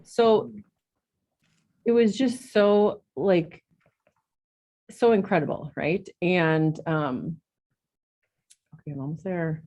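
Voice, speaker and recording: A woman's voice: takes it slowly, pauses often. A middle-aged woman telling a story to her coaching group in casual chat, acting out the quotes with big leaps in her voice. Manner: animated, acts out quotes with big jumps in pitch. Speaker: real estate agent in coaching group.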